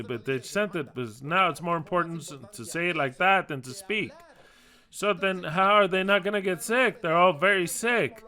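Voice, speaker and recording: A man with a Spanish accent preaching an animated, emphatic sermon, full of repetitions and restarts. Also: sits high, normal speed.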